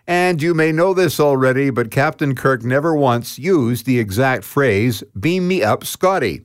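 Lively, wry radio commentator man. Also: mid-range voice, dry recording, clean studio sound. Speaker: host of a short talk segment.

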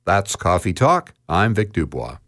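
A man's voice: low-pitched, very animated, measured pace, a bit bright, dry recording, clean studio sound. A man hosting a short scripted radio commentary segment, talking in a wry, conversational way. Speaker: host of a short talk segment.

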